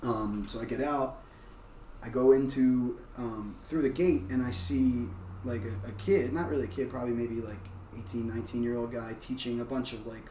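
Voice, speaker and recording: A man telling a story as a guest in a casual conversation, loose and animated, with frequent "like" fillers. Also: medium pitch, moderate pace. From United States. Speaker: guest, martial arts practitioner. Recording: roomy, distant mic, faint background noise.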